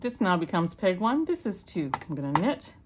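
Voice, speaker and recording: Very animated and speaking at a moderate pace, a middle-aged woman from Canada uses her lower voice to guide viewers through a hands-on loom knitting project. Background noise is present as she chats homily, step by step, while working.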